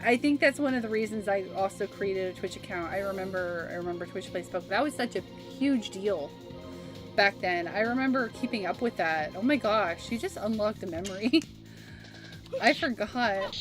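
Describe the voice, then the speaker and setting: A woman in her thirties streams a game with background music, her mid-range voice lively in intonation and moderate in pace. It's relaxed stream chat full of reminiscing and easy laughter.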